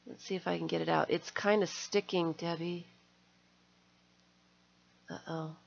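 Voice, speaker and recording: Woman, middle-aged, art stream host, gushing and gasping, very slow speech, muffled audio. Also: lowish voice, creaky. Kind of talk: casual live-stream chat while opening mail. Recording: slightly dull lo-fi stream audio.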